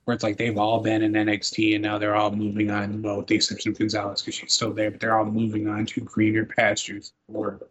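A man's voice: lowish voice, completely flat delivery, brisk, hardly any pauses, fairly bright tone, breathy edge, dull audio. A man co-hosting a podcast, telling amused, profane stories about wrestling segments. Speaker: podcast co-host. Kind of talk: casual wrestling recap chat.

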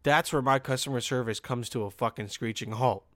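A man's voice: mid-range voice, fairly quick, a bit bright, dry recording, studio quality. Rambling, profane young man on a podcast. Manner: frequent restarts and "okay?" asides. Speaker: podcast host. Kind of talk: casual podcast rant.

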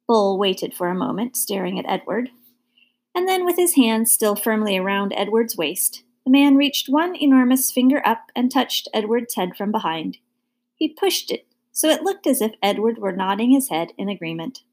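A woman narrating a children's novel chapter in a measured, clear storytelling manner. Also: mid-range voice, animated, a little mellow. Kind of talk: audiobook narration.

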